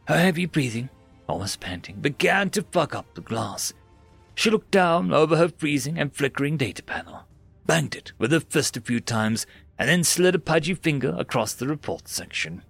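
A man's voice: fairly high pitch, moderate pace, gravelly, breathy edge, soft background music. A man narrating a science fiction story dramatically, rising and dropping his voice for effect. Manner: expressive, rises and drops for drama.

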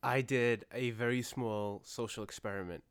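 A man chats casually with friends, telling anecdotes and slipping into the voices of the people he quotes. His delivery is relaxed and conversational. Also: medium pitch, moderate pace, clear, resonant tone. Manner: storytelling, acts out quoted voices. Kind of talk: casual chat.

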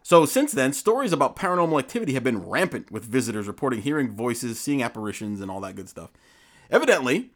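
Lively joking male podcast host. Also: mid-range voice, fast talker. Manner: jokey storytelling, reads from notes. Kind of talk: casual podcast chat.

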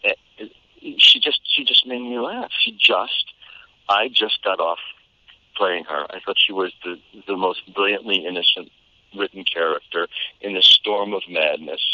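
A deep-voiced American man, a voice actor appearing as a guest, chats casually in an interview over a tinny, phone-like line with no room sound. He tells stories with animation, laughs a lot, and keeps restarting his sentences.

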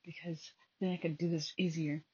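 A young adult woman hosting a casual solo podcast from home at night, talking quietly and rambling with many fillers into a phone. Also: low-pitched, level tone, normal speed, background noise. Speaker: podcast host. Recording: dull lo-fi phone recording.

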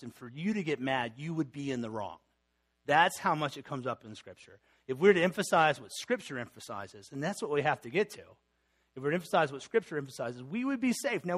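A man's voice: medium pitch, a bit bright. Man preaching a conversational sermon. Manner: conversational teaching with fillers and restarts, reading scripture aloud. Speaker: pastor.

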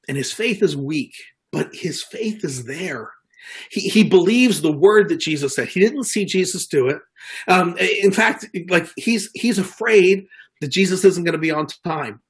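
A man's voice: high-pitched, a bit bright, husky. A middle-aged man preaching a sermon in an earnest way, often repeating words and restarting. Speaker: pastor.

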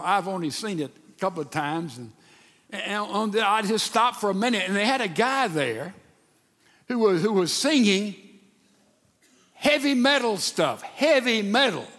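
An older man preaching a sermon in a folksy, animated way, with stammered restarts. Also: high-pitched. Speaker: pastor. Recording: long reverb of a large hall.

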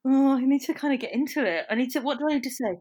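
A woman's voice: high-pitched, very fast, a little mellow. A woman co-hosting a chat, talking enthusiastically and casually about music. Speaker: podcast co-host.

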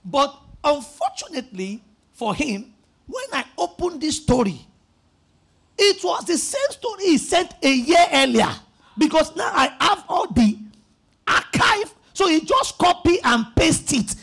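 A male pastor preaching a sermon, telling stories animatedly and rising to emphatic shouts. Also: extremely high pitch, a little slow, gravelly. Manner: animated storytelling, acting out phone conversations.

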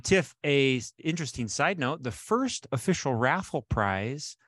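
An upbeat man hosts a casual podcast, chatty and loose, with plenty of fillers. His voice sits at an ordinary pitch and sounds dry and close to the mic. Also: lively intonation, unhurried, fairly bright tone, no echo. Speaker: podcast host.

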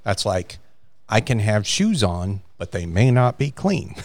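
A man's voice: on the low side, big pitch swings, unhurried, a little mellow. A man co-hosting a faith podcast, earnestly retelling a story from a book in casual chat. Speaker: podcast co-host.

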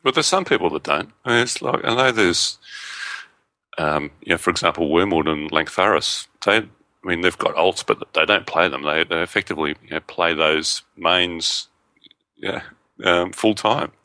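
A man's voice: deep voice, normal speed, bright, forceful tone, dry recording. A man co-hosting a podcast in casual chat, making dry, teasing quips, recorded on his own mic at home. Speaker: podcast co-host.

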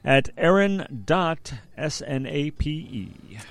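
A man's voice: fairly high pitch, sing-song, takes it slowly, vocal fry, fairly bright tone, no room sound. An older man co-hosting a radio music show, chatting casually in a rambling, jokey, self-deprecating way. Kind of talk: casual on-air music chat.

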